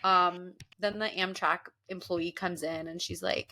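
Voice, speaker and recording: A young woman hosting a podcast, telling a story in a casual, animated way and acting out the people she quotes. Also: on the low side, unhurried. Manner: animated, laughing, often acts out quoted people. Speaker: podcast host. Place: Los Angeles.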